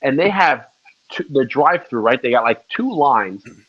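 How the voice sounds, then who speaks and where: A man's voice: mid-range voice, animated, moderate pace. Man, casual podcast chat, rambling stories, swears often, dull lo-fi recording. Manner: swears a lot, rambling storyteller. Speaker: podcast co-host.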